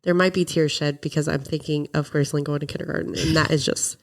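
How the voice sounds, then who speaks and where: A young woman co-hosting a podcast in casual chat, sounding nasal and congested from a cold, chatty and quick to laugh. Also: low-pitched, fairly even intonation, vocal fry. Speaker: podcast co-host.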